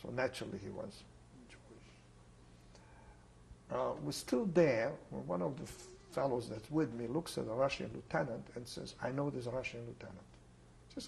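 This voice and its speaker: An older man from Czechoslovakia giving oral history testimony, telling his story in an unhurried, plain way with pauses. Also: mid-range voice, gravelly, a little mellow, slight background noise, poor audio. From Ungvar, Czechoslovakia. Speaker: Holocaust survivor interviewee.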